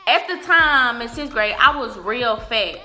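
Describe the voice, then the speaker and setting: A young woman vlogger telling a casual storytime, animated and slangy, cursing freely. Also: on the high side, unhurried, soft background music.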